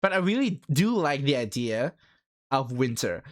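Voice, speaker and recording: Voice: medium pitch, sing-song, normal speed. A livestreamer chatting casually with viewers, rambling with many fillers and laughing often. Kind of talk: casual stream chat.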